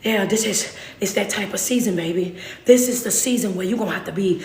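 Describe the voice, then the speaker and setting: A woman's voice: medium pitch, brisk, darkish tone, slight background noise. A woman preaching a fervent live-streamed sermon, with call-and-response and repeated asks of "understand me?". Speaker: motivational preacher. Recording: roomy echo.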